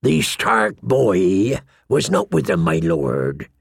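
A man's voice: lowish voice, huge pitch swings, takes it slowly, gravelly, slightly rough, no echo, clean studio sound, pitched below the performer's own voice, heavily acted. A man voicing a deferential knight giving a formal, grave report. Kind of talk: audiobook character voice.

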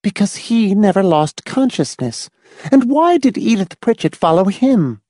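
A woman's voice: medium pitch, a little slow, no room sound. A woman voicing a dry, dispassionate schoolteacher type. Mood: calm. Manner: dry, dispassionate, calmly insistent. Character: prim, controlling female schoolteacher type. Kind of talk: audiobook dialogue reading.

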